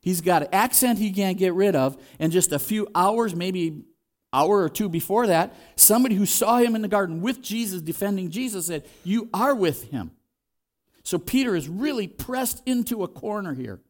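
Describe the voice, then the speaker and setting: A man's voice: a little high, a little mellow. A man preaching a sermon in a conversational way, acting out the quoted voices as he goes. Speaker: pastor.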